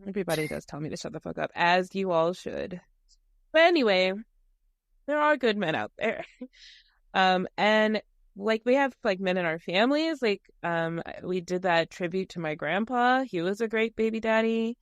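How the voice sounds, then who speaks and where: A woman's voice: medium pitch, moderate pace, dry recording, studio quality. A woman co-hosting a podcast, chatting casually and telling stories with lots of laughter. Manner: giggly, animated storytelling. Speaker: podcast co-host. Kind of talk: casual chat.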